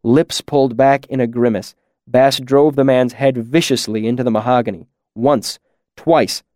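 A man narrating a novel in a measured, deliberate storytelling manner. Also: medium pitch, fairly even intonation, darkish tone, no echo, studio quality.

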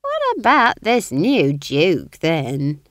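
A woman voicing a cheerful, homely older witch with a folksy, drawn-out way of talking. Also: fairly low pitch, wildly swooping pitch, dry recording, studio quality, pitched above the performer's own voice, heavily acted.

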